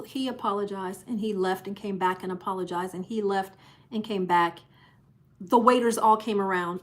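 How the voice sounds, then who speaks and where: A woman's voice: mid-range voice, steady tone, moderate pace. A woman hosting a live cruise show tells a story in a casual, chatty way. She acts out the voices of the people she quotes. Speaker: cruise channel host.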